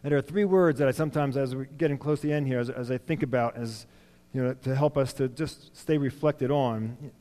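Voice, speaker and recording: A man's voice: medium pitch, brisk, mellow. A man giving an informal sermon in a church, plain and conversational, with frequent fillers and restarts. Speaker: lay preacher. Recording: long hall reverb.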